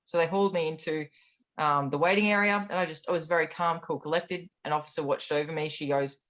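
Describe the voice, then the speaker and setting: A man speaks as an interview guest, recounting his own experiences. His delivery is candid and matter-of-fact. He pauses on frequent ums and restarts his sentences as he goes. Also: fairly high pitch, steady tone, fairly bright tone. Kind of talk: personal storytelling in an interview.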